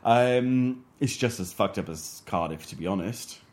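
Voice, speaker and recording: A man's voice: lowish voice, a little slow, a little mellow. A man from Wales co-hosting a podcast, chatting in a laid-back way and swearing freely. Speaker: podcast co-host. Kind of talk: casual chat.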